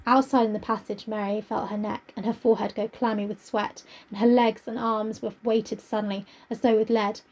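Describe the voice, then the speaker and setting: A woman's voice: mid-range voice, level tone, a little fast, hardly any pauses, darkish tone. A woman on a podcast, reading a novel aloud and chatting with jokey asides. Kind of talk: casual book chat with read-aloud.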